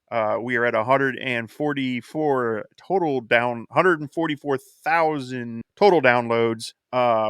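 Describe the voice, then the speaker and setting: A man co-hosting a podcast, thanking listeners in a relaxed, casual way. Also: mid-range voice, clear, resonant tone, no echo, clean studio sound. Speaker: podcast co-host. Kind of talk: casual chat.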